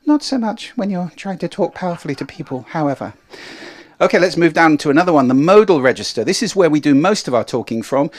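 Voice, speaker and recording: A middle-aged man from England gives a live talk to an audience as a speaking coach, demonstrating voices by shifting his pitch and volume. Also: lively intonation, fast. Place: stage before a live audience.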